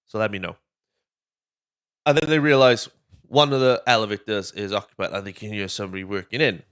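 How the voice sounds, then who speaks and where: A man's voice: fairly low pitch, steady tone, a little fast, a bit bright, clean tone. A Welsh man hosting a podcast, chatting casually through a movie recap, swearing freely and drifting off on tangents. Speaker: podcast host.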